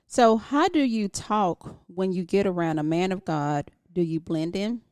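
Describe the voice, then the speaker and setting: A woman on a podcast reads out listener questions in a plain way. Her voice is low and mellow, recorded dry and close. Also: measured pace, no echo. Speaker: co-host reading listener questions. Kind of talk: casual chat.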